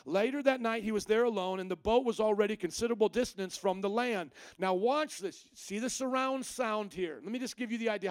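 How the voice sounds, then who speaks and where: Preaching to his congregation, this pastor has a high, smooth voice and keeps listeners engaged by asking call-and-response questions. His explanatory style leans on everyday examples. The recording is dry, clean and close-miked, with barely any room sound.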